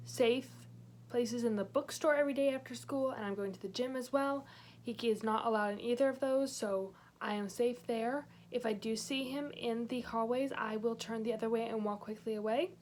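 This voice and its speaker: A young woman vlogger telling a personal story in a chatty way, with many fillers and animated quoting. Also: fairly high pitch, a little hiss or hum. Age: young adult. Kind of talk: storytime vlog.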